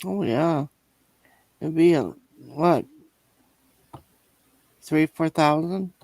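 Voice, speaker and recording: A man in casual chat giving short, slow replies. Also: a little high, darkish tone. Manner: slow, brief responses. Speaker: listener.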